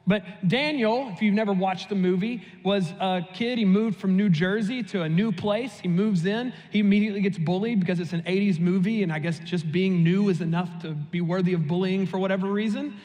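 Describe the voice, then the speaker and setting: A young man preaching with a high, light voice, telling stories with dry humor and a loose, chatty flow. His voice carries a long reverb tail through the church sanctuary. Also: brisk, hardly any pauses, a little mellow. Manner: humorous, conversational storytelling. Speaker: pastor. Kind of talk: sermon.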